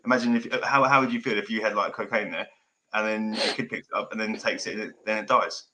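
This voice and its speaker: A man in casual chat speaks forthrightly, swearing and calling his partner mate. His voice is bright and sharp-edged. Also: lowish voice, steady tone, fast talker, low-quality recording. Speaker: family law consultant and podcast host.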